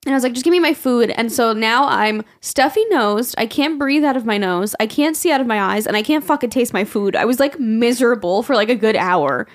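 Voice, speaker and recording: A woman's voice: a little high, brisk, few pauses. Chatty young woman telling a story. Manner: chatty storytelling, frequent swearing and laughing. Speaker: podcast co-host. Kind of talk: casual chat.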